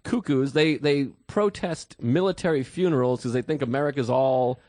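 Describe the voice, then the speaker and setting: A man hosting a podcast, telling a profane comic story in a casual, animated way. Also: mid-range voice, normal speed, dry recording. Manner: profane, animated storyteller who bursts into shouted quotes. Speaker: podcast host.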